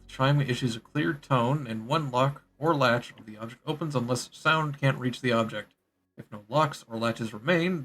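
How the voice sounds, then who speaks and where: A man's voice: medium pitch, a bit bright. A man playing a tabletop game, joking with friends and reading item rules aloud. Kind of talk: casual game table chat.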